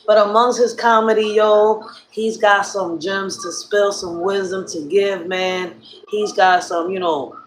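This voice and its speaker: A hoarse woman with a Philadelphia accent hosting a casual livestream, telling stories bluntly with plenty of profanity. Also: medium pitch, steady tone, measured pace, slight background noise. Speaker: live stream host. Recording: roomy echo.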